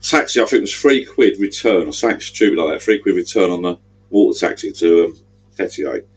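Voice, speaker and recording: A middle-aged livestream host talks casually and at length, giving directions as he goes. His voice is deep and husky, with lively intonation and a slightly fast pace.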